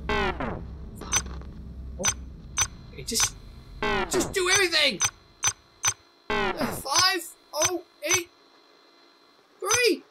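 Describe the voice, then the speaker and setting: A woman hosting a horror game let's play, jumpy and excitable, talking to herself with yelps and nervous laughs. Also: very high-pitched, very slow, creaky, pauses often, heavy background noise. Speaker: gaming channel host.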